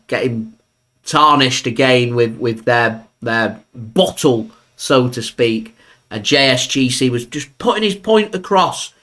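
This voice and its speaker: A man's voice: medium pitch, fairly bright tone. A man hosts a live football watchalong from his fan channel. He talks in an easy, opinionated way and lifts his voice sharply when the action heats up. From England. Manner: chatty, opinionated, bursts up for match action. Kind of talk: live match watchalong commentary.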